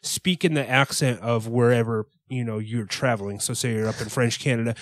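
A man co-hosting a comedy podcast, talking in a mock-earnest, halting way with many restarts. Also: medium pitch, steady tone, no echo. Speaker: podcast co-host. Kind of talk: deadpan comedic podcast banter.

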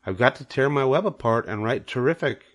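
A man's voice: medium pitch, lively intonation, brisk, voice pushed up, lightly acted. A man reading aloud and voicing a wise, kind female spider with a lifted, tender delivery.

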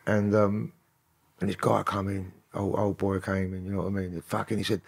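A man's voice: on the low side, steady tone, quick pace, vocal fry, darkish tone. A man with a London accent, a podcast guest telling stories in profane, rambling street talk. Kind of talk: casual storytelling interview.

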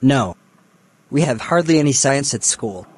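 A man reading a scripted animated story in an even, plain way, voicing all the characters. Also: mid-range voice, measured pace, breathy edge, no room sound. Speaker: narrator.

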